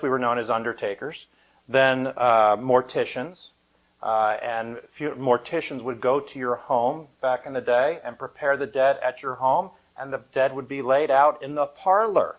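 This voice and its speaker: A middle-aged man speaks to a gathered audience as a funeral director, easing into stories with light humor. His pitch sits in an ordinary middle range, and his delivery stays conversational and unhurried. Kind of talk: live public talk to an audience. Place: event room at a funeral home, with an audience present.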